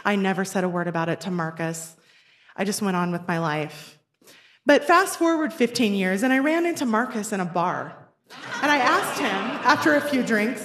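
A woman in her forties telling a personal story live, wry and self-mocking, with lively comic timing. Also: mid-range voice, moderate pace, a crowd in the background. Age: 40s. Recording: roomy echo.

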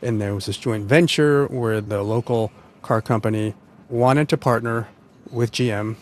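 Man, radio host; steady mid-range voice, calm questions, slight background noise. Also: medium pitch, unhurried. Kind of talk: radio interview and show hosting.

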